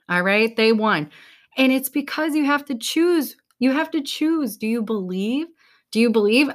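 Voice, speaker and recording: A woman's voice: medium pitch, a bit bright. Upbeat New woman giving a pep talk. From New England. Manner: upbeat, casual, swears now and then. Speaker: podcast host.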